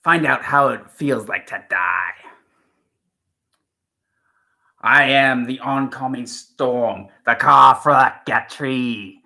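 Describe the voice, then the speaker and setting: A man's voice: medium pitch, creaky, pushed and bright, exaggerated voice. A man doing an impression of an eccentric male time traveler, delivered theatrically and dramatically. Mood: menacing. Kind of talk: impression of an actor's performance.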